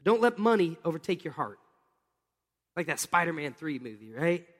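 A man in his thirties preaching a casual, animated sermon and putting questions to his congregation. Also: fairly high pitch, moderate pace, big-room sound. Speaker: pastor.

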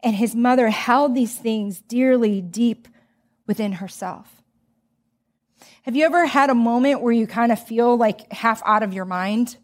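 A middle-aged woman giving a sermon in a chatty, storytelling way, full of asides and fillers. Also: on the high side. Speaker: speaker.

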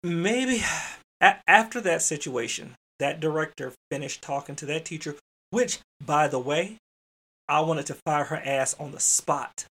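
Unhurried and on the high side, the man's voice comes across pushed and bright as he tells his podcast audience about something from work. He's an adult father with a chatty, informal style who talks straight to listeners, calls them "y'all," and swears mildly.

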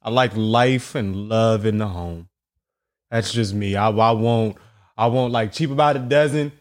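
A young man hosting a podcast, telling a story in an animated, profane, slang-heavy solo rant. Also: fairly low pitch, unhurried. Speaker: podcast host.

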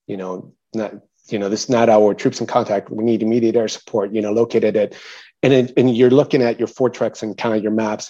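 A man telling a casual story as an interview guest, animated, with many fillers and restarts, raising his voice when he quotes others. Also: lowish voice, husky, highs cut off. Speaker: interview guest, military veteran.

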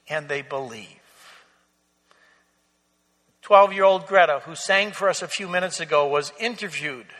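A man preaching a sermon as pastor, slow and earnest, letting his phrases trail off softly. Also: fairly high pitch. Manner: slow, earnest preaching with soft, drawn-out endings. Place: church sanctuary. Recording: long church reverb.

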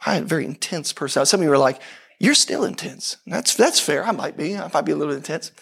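A middle-aged man with a high-set voice preaches a sermon. He talks with intensity and emphasis, piling up rhetorical questions and repeating his points to drive them home. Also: rapid-fire, creaky, husky. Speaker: pastor.

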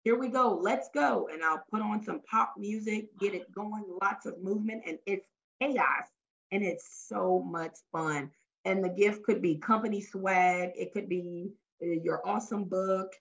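With highs cut off, the recording captures a gravelly, mid-range female voice speaking unhurriedly. She's a guest from Louisiana, Southern US accent, who works as a talent development facilitator. In a casual interview she tells stories with energy, dramatizing lines from her workshops.

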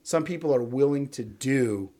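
A man co-hosting a casual sports podcast, telling stories with lots of fillers and quick "right?" checks. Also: medium pitch, a little hiss or hum. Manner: animated storyteller, many fillers and "right?"; acts out quotes in other voices. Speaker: podcast co-host.

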